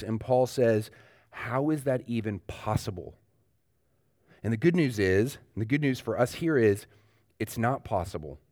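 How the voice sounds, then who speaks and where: A man's voice: mid-range voice, a little mellow, no room sound. A man preaching a sermon in a church, talking conversationally with emphatic repetition and lots of loose fillers and restarts. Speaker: pastor. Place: church sanctuary.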